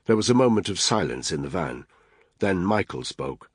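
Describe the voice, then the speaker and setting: Male audiobook narrator, low voice, husky, steady grave thriller narration, dry close sound. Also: moderate pace, dry recording.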